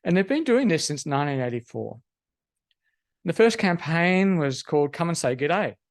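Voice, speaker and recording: Halting male university lecturer. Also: on the high side, big pitch swings. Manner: halting, lots of ums and restarts. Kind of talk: academic lecture.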